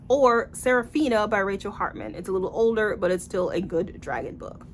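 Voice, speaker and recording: A woman's voice: medium pitch, fairly quick, few pauses, slight background noise. A woman reviewing books in a casual vlog, blunt, profane and sarcastic, acting out the characters she quotes. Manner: animated, acts out quoted characters. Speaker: book reviewer.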